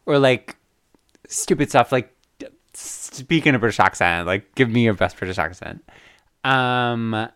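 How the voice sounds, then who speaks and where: A man's voice: mid-range voice, lively intonation, unhurried, a bit bright, clear, resonant tone, dry recording, clean studio sound. A man co-hosting a podcast in casual chat, giggly and full of filler words. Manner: chatty, giggly, lots of fillers. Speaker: podcast co-host.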